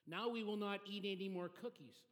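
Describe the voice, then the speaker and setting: A man voicing a sensible, gentle male frog in a storybook read-aloud, talking earnestly as if explaining. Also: high voice, normal speed, voice pushed up, close to an everyday voice. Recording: reverberant hall.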